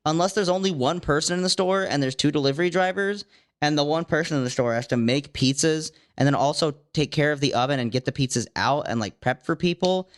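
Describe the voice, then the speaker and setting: A young man from Virginia, ranting profanely in casual podcast chat. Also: a little high. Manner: profane, ranting, quick-talking. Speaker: podcast co-host.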